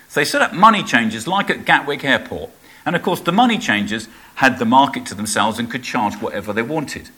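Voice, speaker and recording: A man's voice: a little high, sing-song, normal speed, pushed and bright. A man preaching a sermon in a conversational way, asking his listeners rhetorical questions.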